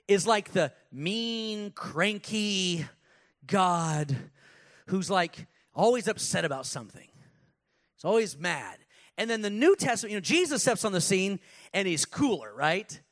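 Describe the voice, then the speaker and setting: A pastor with a high voice delivers a lively sermon in a casual style, slipping into put-on voices and shouting some lines away from the microphone.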